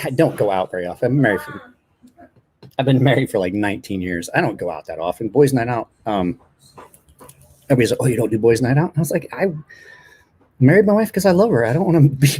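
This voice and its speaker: A man's voice: mid-range voice, a little mellow, breathy edge. Chatty man rambling on a stream. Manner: rambling storytelling, chatty and self-deprecating. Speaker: live streamer. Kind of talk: casual late-night stream chat.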